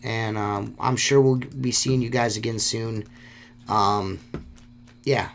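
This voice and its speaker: A man's voice: lowish voice, steady tone, slow pace, creaky, slight background noise. A man hosting a solo podcast, talking in a rambling, heartfelt way and swearing often. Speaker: podcast host.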